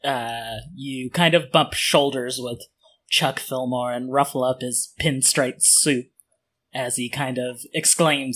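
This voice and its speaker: A man's voice: mid-range voice, fairly even intonation, takes it slowly, a bit bright. A man casually narrating his character in a tabletop role-playing game, laughing often. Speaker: player.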